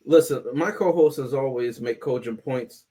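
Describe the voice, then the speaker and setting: A man's voice: mid-range voice, moderate pace, dark tone. Playful man hosting a review show. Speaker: podcast host. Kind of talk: casual movie review chat.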